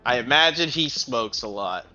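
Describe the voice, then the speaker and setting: A man's voice: mid-range voice, animated, moderate pace, sharp tone, dull audio, faint music behind. A man chatting casually as a tabletop game player, wry and joking.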